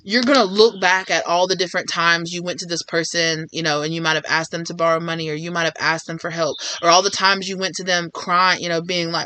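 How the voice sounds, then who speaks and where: A woman talks through a tarot reading in a loose, rambling way, full of fillers. Her voice has a bright, forward edge, and she keeps acting out imagined back-and-forth conversations. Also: fairly low pitch, fairly even intonation, brisk, few pauses. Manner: rambling, filler-heavy, acts out imagined dialogue. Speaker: tarot reader. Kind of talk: casual tarot reading to viewers.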